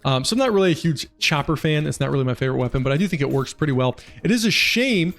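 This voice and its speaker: A man casually talking through a game build as a guide host, quick and chatty with frequent fillers. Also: on the high side, expressive, fairly bright tone. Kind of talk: casual gameplay commentary. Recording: faint music behind voice.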